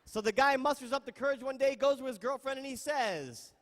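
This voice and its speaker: A man's voice: very high-pitched, brisk, echoey room, big-room sound, over loud music. A man giving a motivational storytelling speech, dramatically acting out the people in his story. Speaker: motivational speaker.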